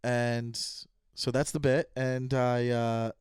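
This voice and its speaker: A man's voice: mid-range voice, little pitch movement, slow pace, background noise. A man hosting his own comedy podcast, talking in a casual, rambling, mock-earnest way and stumbling over his words.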